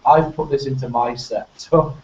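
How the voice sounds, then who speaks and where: A man's voice: mid-range voice, steady tone, moderate pace, darkish tone. A man with a Northern English accent hosting a casual panel chat. He talks enthusiastically and rambles, with frequent restarts. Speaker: host. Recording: echoey, distant, muffled with faint noise.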